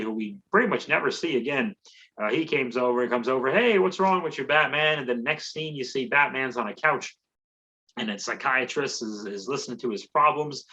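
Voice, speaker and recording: A man's voice: medium pitch, sharp tone, highs cut off. A man hosting a comedy podcast, recapping a movie in a rambling, sarcastic way.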